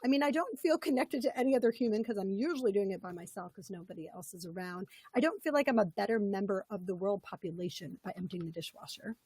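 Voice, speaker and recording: A woman's voice: mid-range voice, fast, hardly any pauses, a little mellow, slightly rough. A woman leading a live webinar as a coach, upbeat and conversational, her voice a little scratchy and froggy. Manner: upbeat, conversational, repeats key points.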